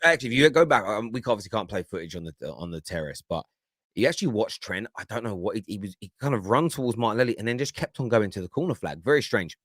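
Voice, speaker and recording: Man, reaction show host, bright tone, teasing, laughs often, dry close sound. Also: lowish voice, animated, fast, no room sound. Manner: laughs a lot, teasing, restarts phrases. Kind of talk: animated reaction commentary.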